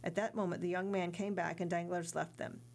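A woman narrating a classic novel as an audiobook in a measured, steady reading. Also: lowish voice, creaky. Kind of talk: scripted narration.

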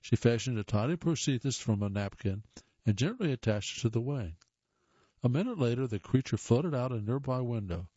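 A man's voice: medium pitch, expressive, a little fast, dark tone, husky, dry recording, lo-fi sound. A man reading short stories aloud in a plain way, with occasional stumbles and restarts. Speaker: reader of listener stories.

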